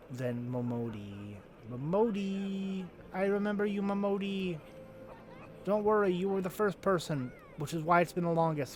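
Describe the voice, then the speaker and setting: A man streaming a video game, chatting casually in a rambling, self-mocking way. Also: on the high side. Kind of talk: casual game commentary with voiced readings.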